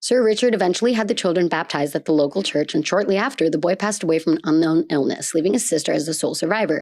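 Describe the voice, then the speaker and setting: A woman hosting a podcast, reading a folk tale aloud and breaking in with playful, excited asides. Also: deep voice, quick pace, few pauses, dry recording, studio quality. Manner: bubbly, playful, reacts with gasps and squeals. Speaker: podcast host.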